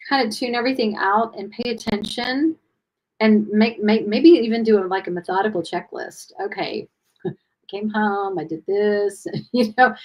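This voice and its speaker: A woman's voice: mid-range voice, rough recording. A woman hosting a chat about her cats, talking casually from home with lots of fillers and restarts. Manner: chatty, rambling, many fillers and restarts. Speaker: podcast host.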